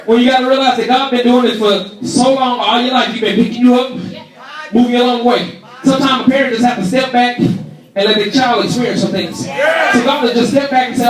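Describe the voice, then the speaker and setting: A man preaching a sermon with emphatic, rising delivery, shouting key phrases to the congregation. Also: very high voice, a little fast. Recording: echoey church hall, far from the mic, congregation audible.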